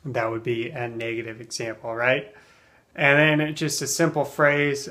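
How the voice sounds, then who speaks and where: A man teaching an English phrase in a relaxed, casual way, with plenty of ums and uhs, acting out example sentences with strong emphasis. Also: medium pitch, measured pace. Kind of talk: casual spoken lesson.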